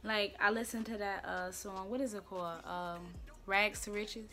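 Faint music plays behind a young woman hosting her own casual talk show at home. Her medium-pitched voice is fairly bright, with a steady tone and moderate pace, and her manner is chatty, playful and opinionated, peppered with slang and filler words.

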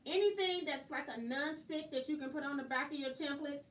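A woman hosting a casual live quilting tutorial, chatty and quick to laugh. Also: sits high. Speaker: quilting instructor and host. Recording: roomy, distant mic, faint noise.

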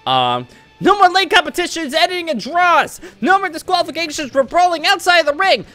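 A man voicing an excitable young boy fighter in a high, shouty, eager way while dubbing a video game. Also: brisk, soft background music, full character voice.

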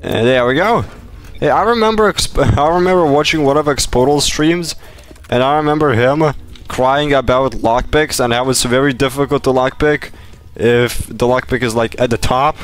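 A man's voice: medium pitch, normal speed. A man streaming live gameplay, talking playfully and boastfully to his chat and teammates. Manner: playful, boastful, bursts into laughs and shouts.

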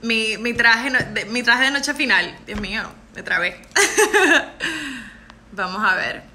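A woman's voice: a little high, pushed and bright, slight background noise. A woman, a pageant contestant chatting effusively with viewers on a live stream. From Puerto Rico. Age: 20s. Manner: bubbly and effusive, quick to thank and laugh.

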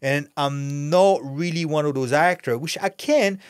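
A man's voice: on the high side, a little slow, clean tone, no echo, studio quality. A middle-aged man, an actor and former fighter, talking candidly as a podcast guest in a blunt, intense way and swearing freely. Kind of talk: candid podcast interview talk.

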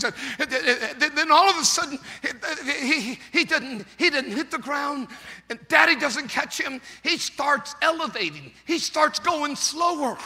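A male pastor preaching a sermon in a storytelling way, building up to shouting. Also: very high-pitched. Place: church sanctuary. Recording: long reverb of a large church.

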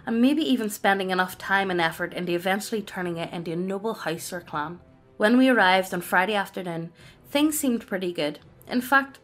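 A woman reading a personal story aloud as scripted narration, in a steady, even delivery. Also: on the low side.

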